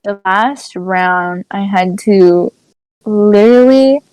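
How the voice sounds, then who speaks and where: A young woman co-hosting a podcast, telling a dream story in animated casual chat, full of "like" fillers. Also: medium pitch, takes it slowly, clean tone, no echo, low-quality recording. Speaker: podcast co-host.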